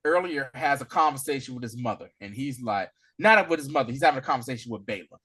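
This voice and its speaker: A man's voice: mid-range voice, expressive, fast, sharp tone. A man co-hosting a casual TV recap podcast, laid-back and slangy, telling scenes with a laugh. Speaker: podcast co-host.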